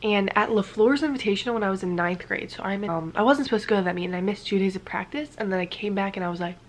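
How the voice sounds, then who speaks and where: Woman, casual story-time vlog, rambling and filler-heavy, occasional whispers, mid pitch, faint noise behind. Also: quick pace. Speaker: vlogger.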